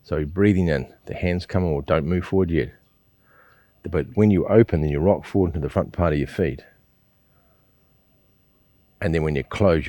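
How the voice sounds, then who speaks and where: A man teaching a qigong breathing exercise, coaching patiently and checking in often with a quick "yeah?". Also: extremely low pitch, darkish tone, no room sound. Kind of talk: guided exercise instruction.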